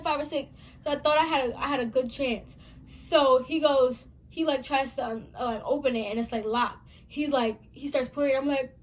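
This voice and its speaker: A young woman telling a story from her childhood, dramatic and animated, acting out her own scared voice. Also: fairly high pitch. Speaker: storytime vlogger.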